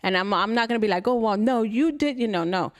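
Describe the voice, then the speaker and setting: A woman's voice: on the high side, lively intonation, fast. Blunt, heated woman telling stories. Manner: heated, blunt storytelling with cussing. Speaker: podcast co-host. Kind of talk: casual chat.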